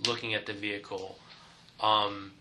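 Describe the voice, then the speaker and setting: A man questions an officer step by step in a formal interview, checking details carefully with fillers and quick apologies. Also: lowish voice, level tone, sharp tone, poor audio. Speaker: investigator conducting the interview.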